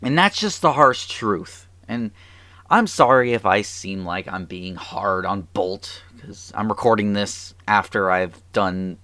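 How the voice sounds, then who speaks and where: A man's voice: on the low side, slow, pushed and bright, dry recording. A man giving an improvised game review into a mic, rambling and stuttering, asking exasperated rhetorical questions. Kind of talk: improvised video review commentary.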